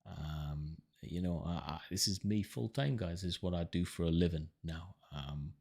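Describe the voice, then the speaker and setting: A deep-voiced man hosts a live stream, reading out viewer comments and answering them. He speaks in a relaxed, chatty way, with plenty of ums and uhs, and calls his viewers brother. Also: normal speed, vocal fry. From United Kingdom. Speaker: livestream host reading viewer questions.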